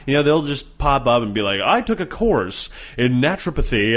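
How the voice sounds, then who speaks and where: A man's voice: mid-range voice, fast talker, hardly any pauses. A man hosting a podcast, chatting casually, swearing and mocking with plenty of energy. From Canada. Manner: profane, mocking, animated. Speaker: podcast host.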